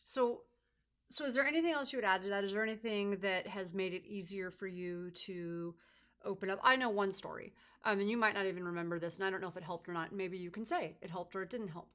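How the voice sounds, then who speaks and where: A middle-aged woman hosting a podcast, chatting casually with her daughter and telling a lively family story. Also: medium pitch, fast talker. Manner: animated storytelling, mimics voices in anecdotes. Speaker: podcast host and mother. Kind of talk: casual conversation.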